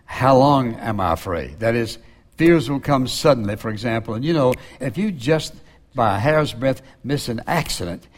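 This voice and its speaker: A man preaches in a relaxed, conversational way, his voice sitting at an ordinary middle pitch. When he quotes scripture, he sinks into a soft, low delivery. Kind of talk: sermon.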